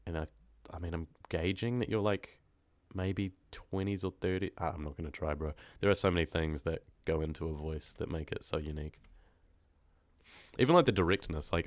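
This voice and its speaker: Deep-voiced New man chatting. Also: brisk, dry recording. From New Zealand. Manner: relaxed, rambling, laughs easily. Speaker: horror story narrator and streamer. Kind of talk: casual live-stream chat with viewers.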